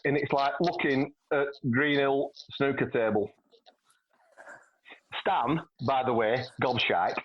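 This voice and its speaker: A man's voice: medium pitch, dull audio. A middle-aged man, rambling through a sweary anecdote on a podcast and laughing as he goes. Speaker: podcast guest. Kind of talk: casual chat, anecdote telling.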